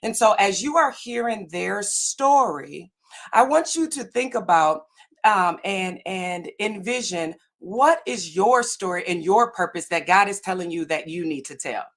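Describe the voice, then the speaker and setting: A woman speaks earnestly on a video call, giving a faith-driven motivational talk in a mid-pitched voice. She keeps checking in with her listeners, tagging "right?" and "okay?" onto her points. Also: lively intonation, measured pace. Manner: earnest, asks "right?" often. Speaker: summit speaker.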